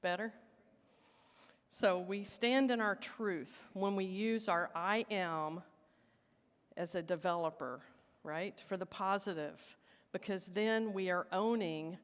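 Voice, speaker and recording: A woman teaching at a church service, leading the congregation in call and response and stating each "I am" line with slow emphasis. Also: medium pitch, big-room sound. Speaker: licensed Unity teacher giving the talk. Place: church sanctuary.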